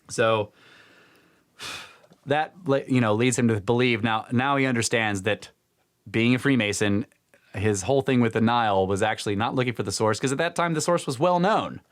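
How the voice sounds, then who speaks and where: A man co-hosting a podcast, casually retelling a book's story with lots of fillers and acted-out quotes. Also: normal speed. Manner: animated retelling, acts out quotes with pitch jumps, laughs often. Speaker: podcast co-host retelling a book.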